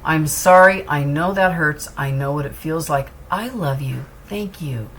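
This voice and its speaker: A woman's voice: low voice, unhurried, slight background noise. A woman giving a tarot reading to camera in an earnest, reassuring way, repeating phrases for emphasis. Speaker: tarot reader.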